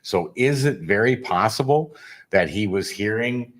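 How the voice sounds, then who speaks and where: Low-voiced male guest; measured, lecturing explainer on a podcast. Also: expressive. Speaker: guest researcher. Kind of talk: explanatory interview talk.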